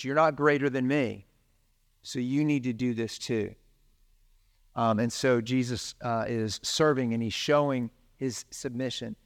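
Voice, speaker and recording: Man preaching a conversational sermon. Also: medium pitch. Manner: conversational, reads scripture aloud. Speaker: pastor.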